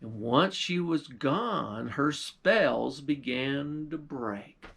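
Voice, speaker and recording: A man's voice: medium pitch, drawn-out words, vocal fry, a bit bright, slight background noise. A man telling a folktale in a drawling, folksy manner, then drawing a moral. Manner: drawling, folksy, repeats "why". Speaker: storyteller.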